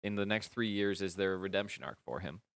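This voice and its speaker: An American man co-hosting a casual podcast chat, talking in an animated way with restarts and jokes. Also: deep voice, fast talker, no echo. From United States. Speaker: podcast co-host.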